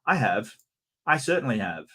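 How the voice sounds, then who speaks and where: An Australian man talks casually to his stream audience at a middle pitch. He jokes with the chat and keeps stumbling into restarts and repeated words. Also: big pitch swings, normal speed, sharp tone, husky. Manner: chatty, stammering restarts, joking with chat. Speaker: streamer host.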